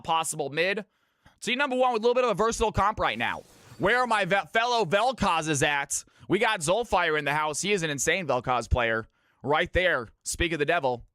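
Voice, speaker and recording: A Californian man streams live games, casting viewer matches and cheerfully greeting people by name as he commentates picks. His voice is highish, pushed and bright, clear and resonant, recorded in a clean studio with no echo.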